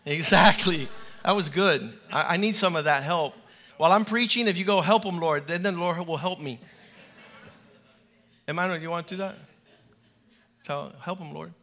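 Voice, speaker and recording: A man preaching a lively sermon in a church to a large congregation, animated and playful, leading call-and-response. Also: fairly high pitch, moderate pace, pauses often.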